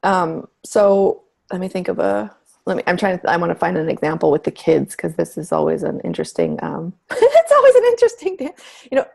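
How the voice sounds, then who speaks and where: A woman's voice: on the low side, sing-song, fairly quick, creaky, a little mellow. A middle-aged woman speaking candidly as an interview guest, telling stories with emphatic, frank language. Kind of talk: conversational interview.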